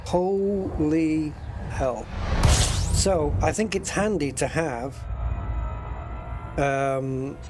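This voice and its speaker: A man's voice: fairly high pitch, very slow, pauses often, over music. Chatty man streaming a game, light-voiced. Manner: chatty and joking. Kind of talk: casual live-stream chat.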